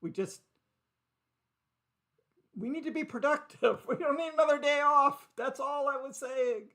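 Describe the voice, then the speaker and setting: A man with an extremely high-pitched, sharp voice, speaking a little slowly, hosts a casual live crypto stream into a desk microphone. He gives casual live market commentary, rambling chattily, laughing often, and addressing his chat viewers by name.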